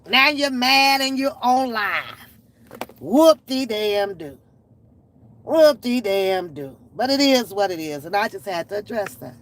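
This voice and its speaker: A woman delivers a blunt, profane, exasperated rant as a reaction-channel host. Her voice sits a touch higher than average. A faint hum of noise runs underneath. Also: animated, normal speed, bright, forceful tone, poor audio. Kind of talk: unscripted commentary rant.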